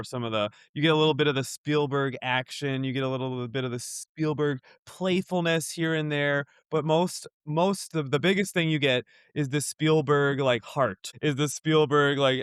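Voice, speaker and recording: Podcast guy rambling about a movie, lots of like and i mean, clear smooth voice, dry sound. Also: medium pitch, fairly bright tone, no room sound. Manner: rambling, many fillers like "like" and "I mean". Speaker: podcast co-host. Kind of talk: casual film discussion.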